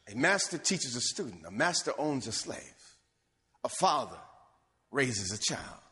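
A man preaching a sermon as a pastor, swinging from low, quiet passages up to loud, emphatic calls. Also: measured pace. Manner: animated preaching, rising to near-shouts and dropping low. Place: church sanctuary. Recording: long hall reverb.

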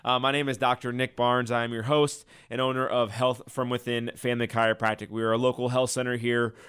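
A man hosting a health radio show, telling a patient's story and pitching his clinic with passion. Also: level tone, brisk, a bit bright, clear, resonant tone. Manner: enthusiastic, passionate sales pitch. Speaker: radio show host and chiropractor.

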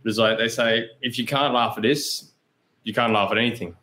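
A man's voice: mid-range voice, fairly even intonation, a little fast, pushed and bright. An Australian man in his thirties, a guest on a podcast, telling stories candidly, swearing freely and laughing often. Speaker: guest, pro cyclist. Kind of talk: casual podcast chat.

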